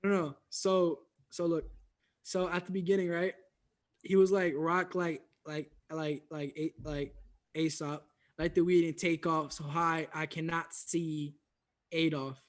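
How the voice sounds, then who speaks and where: A man's voice: on the high side, little pitch movement, unhurried. A man co-hosting a podcast, reviewing music in loose, laughing casual chat full of fillers. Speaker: podcast co-host.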